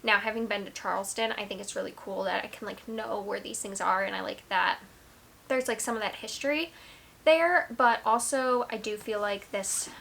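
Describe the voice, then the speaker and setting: A woman's voice: medium pitch, moderate pace, vocal fry, pushed and bright, a little hiss or hum. A young woman talking casually to camera about her books, rambling with lots of "like" and trailing restarts. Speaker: book vlogger. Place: at home.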